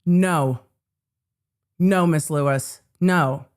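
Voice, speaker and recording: A woman's voice: low-pitched, very slow, a little mellow, clear, resonant tone. A woman hosting a live trial-commentary stream, blunt and sarcastic, swearing freely. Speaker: legal commentator host.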